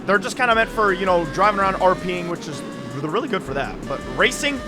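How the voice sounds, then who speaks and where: A young man giving excited gameplay commentary as a gaming creator, blurting loud exclamations. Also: high voice, fast talker. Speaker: gaming YouTuber. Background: game music.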